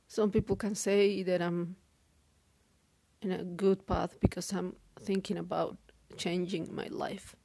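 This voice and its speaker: A woman talking through a halting, weary personal diary monologue, with many restarts. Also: lowish voice, little pitch movement, gravelly, dark tone, slightly rough, dry recording. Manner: weary, downcast. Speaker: podcaster.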